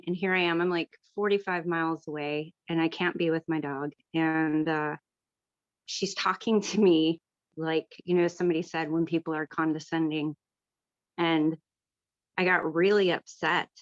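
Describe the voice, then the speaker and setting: A woman's voice: low voice, no echo. A woman telling a candid personal story in an online workshop, earnest and frank, with many fillers. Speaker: workshop participant. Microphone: video call. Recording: dull lo-fi video call audio.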